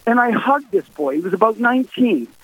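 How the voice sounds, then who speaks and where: A man's voice: sits high, lively intonation, a little fast, a bit bright, no echo. A male musician, a guest in a phone interview, telling stories with emphatic repetition. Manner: emphatic, repeats for stress. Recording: tinny dry phone line.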